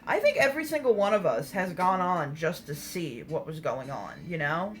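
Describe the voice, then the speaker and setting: A woman's voice: lowish voice, expressive, normal speed, soft background music, low-quality recording. A woman hosting a casual livestream, answering viewer comments in a candid, blunt way, swearing freely and laughing often. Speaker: livestream host.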